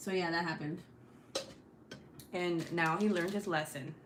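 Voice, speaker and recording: A woman's voice: medium pitch, fairly even intonation, a little fast, a little hiss or hum. A woman in her thirties hosting a crafting livestream, chatting casually and telling rambling stories full of swearing. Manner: profane, rambling storyteller. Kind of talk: casual chat while crafting.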